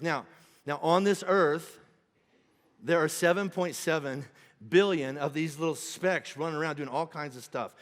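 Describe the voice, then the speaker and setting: A man preaching a sermon as pastor, conversational and animated, with asides and self-corrections. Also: a little high, normal speed. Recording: long hall reverb.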